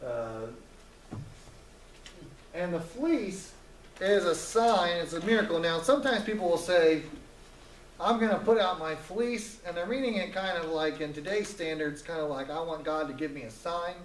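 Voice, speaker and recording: A man's voice: on the high side, animated, moderate pace, roomy sound, recorded from a distance, slight background noise, poor audio. A man teaching a Bible story in a casual, joking way, acting out the characters' lines as he retells it.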